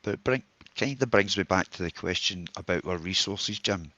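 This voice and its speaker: A man's voice: low-pitched, normal speed, pushed and bright, no echo, dull audio. A man with a broad Scottish accent asking a question in a live audio-room discussion, hesitant and friendly. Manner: hesitant, friendly, laughs self-consciously. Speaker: audience member asking a question.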